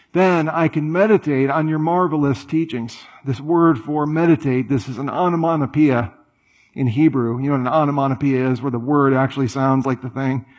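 A man preaching a sermon in a conversational, animated way, full of rhetorical questions and playful asides. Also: a little high. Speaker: pastor.

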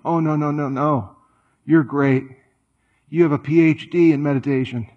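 A man preaching a sermon in a conversational, animated way, full of rhetorical questions and playful asides. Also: on the high side, normal speed, lo-fi sound. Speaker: pastor.

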